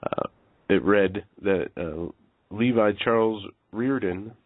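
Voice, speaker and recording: A low-voiced man co-hosting talk radio who reads out a news item with halting starts. The sound is dry and tinny, like a phone line. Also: dry recording. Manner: halting, with fillers. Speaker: co-host.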